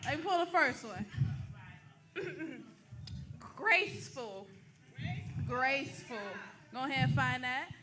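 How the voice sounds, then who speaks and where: A woman's voice: high-pitched, takes it slowly, long pauses. A woman calling bingo words to a crowd at a community event, playful and laughing, stretching out her calls over a live microphone. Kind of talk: hyped-up game calling to a crowd. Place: large event room with tables. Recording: live PA with music playing behind.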